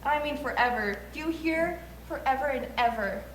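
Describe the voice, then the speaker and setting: A woman's voice: sits high, normal speed, a little hiss or hum, natural voice. Young woman playing a panicked young bride on stage. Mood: pleading, frightened. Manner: pleading, rising stage emotion. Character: frightened young bride pleading with her father. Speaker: student actor in a school play. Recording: distant stage voice in echoey hall.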